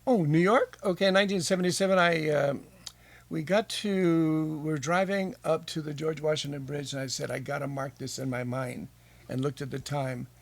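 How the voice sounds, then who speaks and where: A man's voice: a little high, fairly even intonation, moderate pace, vocal fry, no echo. A man being interviewed as a guest, telling stories from his past with enthusiasm. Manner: enthusiastic storyteller, many fillers.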